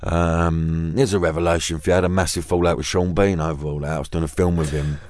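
A man's voice: sits low, flat delivery, quick pace, darkish tone, dry recording. A man, a guest on a podcast, rambling and swearing freely in casual football chat. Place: studio.

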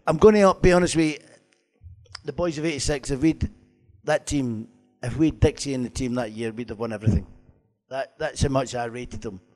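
A man's voice: medium pitch, darkish tone. Man, former footballer, rowdy anecdotes, lots of laughing, live Q&A. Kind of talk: live stage Q&A storytelling.

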